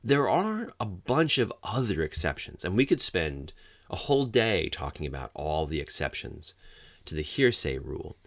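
A man's voice: low voice, very animated, normal speed, gravelly, no room sound. A middle-aged man lecturing law enforcement on the hearsay rule, explaining step by step and acting out the examples he quotes. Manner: explanatory, acts out quoted examples with sudden loud outbursts. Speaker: legal trainer for law enforcement.

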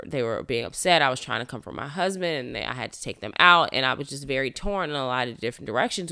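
Mom, 30s, frank storyteller; bright, crisp tone, dry sound. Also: female voice, sits low, no room sound. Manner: frank, animated, with mild swearing. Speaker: mother of toddlers. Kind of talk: candid personal storytelling.

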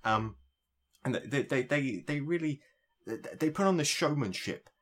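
A man's voice: mid-range voice, expressive, unhurried, a bit bright. A young man from southeast England with a southern English accent, co-hosting a casual podcast chat, swearing freely and ranting in fits and starts. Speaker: podcast co-host.

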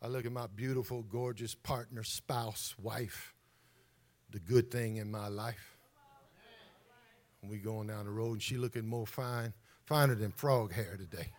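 A man's voice: on the low side, steady tone, measured pace. A man preaching a fervent sermon as pastor, calling out to his congregation. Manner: fervent, call-and-response preaching.

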